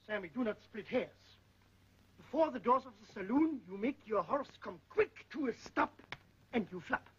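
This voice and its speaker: An actor playing an excitable film director who shouts orders and mangles his English, with a raspy voice. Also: very high-pitched, normal speed, exaggerated voice. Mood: bossy. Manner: shouting, fussy, broken English. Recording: dull old film soundtrack with music.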